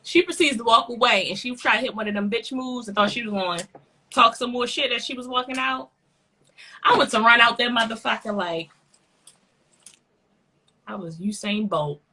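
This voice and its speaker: A woman on a casual podcast tells a story with lively, profane energy. Her voice is forceful and bright, with a husky edge, and sits a little high. She plays up the story as she goes. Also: moderate pace, long pauses. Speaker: podcast co-host.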